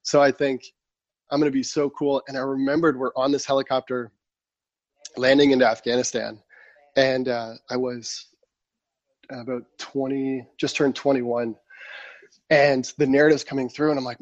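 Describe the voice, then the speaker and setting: A man who was once a soldier, telling stories from his service in a casual, animated chat, acting out his younger self. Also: mid-range voice, normal speed, pauses often, dry recording, dull audio. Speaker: guest. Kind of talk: casual storytelling.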